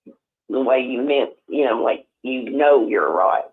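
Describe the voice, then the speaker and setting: An older man phones in and talks at length in a rambling, halting way, often restarting his sentences. His voice sits at an average pitch for a man. It comes through a thin, tinny phone line. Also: animated. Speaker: caller. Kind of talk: casual phone chat. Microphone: telephone.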